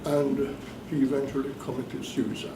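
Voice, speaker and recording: A man giving a classroom lecture as the professor leading a course, talking deliberately and emphatically and repeating his key points. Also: mid-range voice, level tone, background noise. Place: bookstore cafe classroom. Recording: echoey room, mic at a distance.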